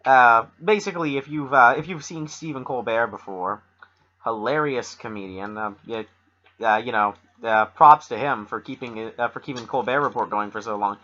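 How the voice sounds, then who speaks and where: Bright-voiced rambling young man. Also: mid-range voice, moderate pace, lo-fi sound. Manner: rambling, full of fillers and restarts, joking. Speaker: podcast co-host. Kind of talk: rambling casual chat.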